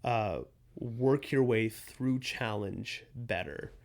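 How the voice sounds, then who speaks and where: A man's voice: medium pitch, takes it slowly. Rambling male podcast co-host. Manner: rambling, filler-heavy, playful. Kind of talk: casual chat.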